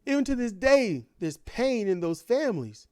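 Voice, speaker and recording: A man's voice: very high voice, big pitch swings, moderate pace, a little mellow, no echo, clean studio sound. A man delivering an impassioned ranting monologue full of repeated rhetorical questions. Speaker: commentator.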